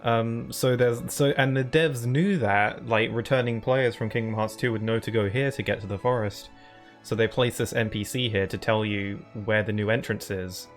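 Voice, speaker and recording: A man's voice: fairly low pitch, fairly even intonation, moderate pace. A man giving rambling, chatty live-stream commentary while he plays, often laughing at himself. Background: faint game music.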